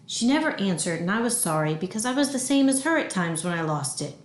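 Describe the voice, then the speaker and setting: A woman reads a children's chapter book aloud with lively, expressive storytelling. Her voice sits at a middle pitch. The recording has an echoey room sound. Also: fast talker. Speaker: audiobook reader. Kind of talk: reading a children's novel aloud.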